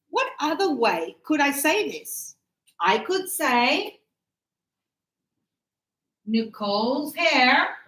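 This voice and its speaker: Slow, patient woman teaching English. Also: high-pitched, pushed and bright, roomy sound, poor audio. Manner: patient, repeats examples, checks in with "okay?". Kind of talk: slow classroom explanation.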